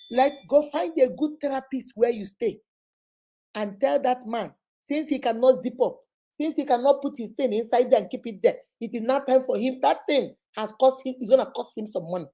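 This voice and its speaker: A woman's voice: high voice, moderate pace, dark tone. A woman hosting a live advice session, emphatic and motherly, repeating points and calling the listener baby. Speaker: relationship advice host and child therapist.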